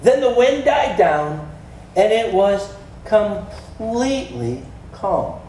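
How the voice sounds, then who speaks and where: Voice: medium pitch, big pitch swings, takes it slowly, a little mellow, a little hiss or hum. A pastor giving a casual, joking sermon in a church, acting out the story's dialogue. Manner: conversational and joking, acts out quotes. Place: church sanctuary. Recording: echoey church hall, far from mic.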